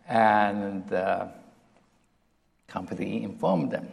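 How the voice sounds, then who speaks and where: Slow gravelly man preaching. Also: mid-range voice. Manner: deliberate, halting, with restarts and emphasis. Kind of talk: sermon retelling a scripture story. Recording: long reverb of a hall.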